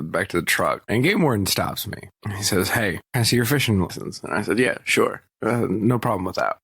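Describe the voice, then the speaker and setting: A man's voice: lowish voice, dry recording, studio quality. A young man from Texas, hosting a casual solo podcast, rambling through stories, acting out what people said, and laughing often. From Texas, USA. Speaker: podcast host.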